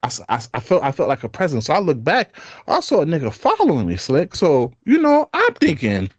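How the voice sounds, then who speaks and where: A podcast co-host with a Brooklyn, New York accent tells a story in slangy street talk, laughing as he goes in a casual storytelling chat. His voice is a little high, fairly quick and wildly swooping in pitch, with no room sound.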